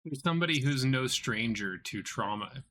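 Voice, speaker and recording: Bright-voiced game master, halting narration. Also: mid-range voice, expressive, a little hiss or hum. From southern North Carolina. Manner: halting, many restarts and fillers while describing.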